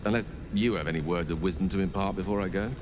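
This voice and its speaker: A man's voice: low-pitched, quick pace, noisy background, natural voice. An actor playing a witty, self-mocking male wizard in a video game, talking in a wry, chatty way. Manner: wry, talkative, self-deprecating.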